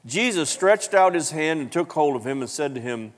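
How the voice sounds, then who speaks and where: A pastor preaches a sermon at normal speed, bringing the story alive with acted-out voices and big leaps in pitch. He coughs now and then, and the recording carries a long hall reverb.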